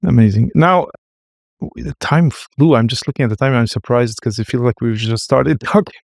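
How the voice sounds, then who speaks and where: A man hosting an interview podcast, speaking haltingly with frequent restarts and affirming fillers. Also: mid-range voice, creaky, no room sound, clean studio sound. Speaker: podcast host. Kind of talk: interview conversation.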